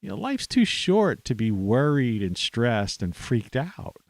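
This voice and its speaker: A middle-aged American man hosts a live stream, rambling through a casual monologue packed with "you know" and restarts. His medium-pitched voice swings widely in pitch at a measured pace, with no room sound.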